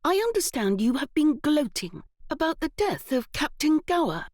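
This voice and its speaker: A woman's voice: high voice, very animated, normal speed, a little mellow, no room sound, studio quality, pitched above the performer's own voice. A woman voicing a severe young aristocratic lady speaking haughtily.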